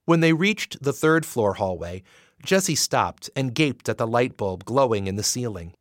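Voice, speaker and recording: A man narrating a romance audiobook in an expressive, measured way. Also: medium pitch, no room sound, studio quality.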